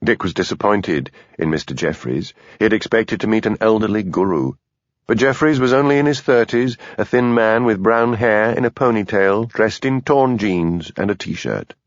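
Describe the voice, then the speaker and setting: A man narrating a mystery audiobook in an expressive, lively reading. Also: lowish voice, moderate pace, no room sound. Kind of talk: scripted narration. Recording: dull, dry studio sound.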